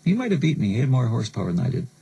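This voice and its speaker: A man's voice: mid-range voice, sing-song, racing, vocal fry, mellow, husky, poor audio. A man from the United States hosting a late-night radio show, telling stories and joking sardonically between songs. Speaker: radio DJ host.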